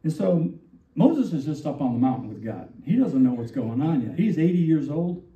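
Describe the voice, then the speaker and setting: A man preaching from the pulpit with a mellow, dark tone, his voice somewhat high for a man. He talks animatedly, firing rhetorical questions. He sounds distant in a roomy church, on a dull, muffled recording. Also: moderate pace. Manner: animated, rhetorical questions, acts out quoted lines. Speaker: pastor. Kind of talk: sermon.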